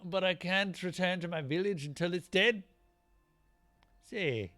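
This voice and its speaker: A man voicing a boastful young male Norse warrior, loud and declamatory, reading game dialogue aloud. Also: high voice, measured pace, faint music behind. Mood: troubled.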